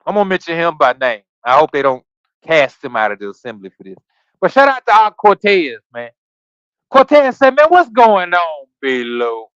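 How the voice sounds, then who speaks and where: Animated, preachy man teaching scripture. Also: fairly high pitch, normal speed, smooth, no echo, highs cut off. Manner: preachy, quizzes listeners, reads scripture then riffs; casual slangy asides between readings. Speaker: scripture study podcast host. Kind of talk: livestreamed Bible study. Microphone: streaming setup.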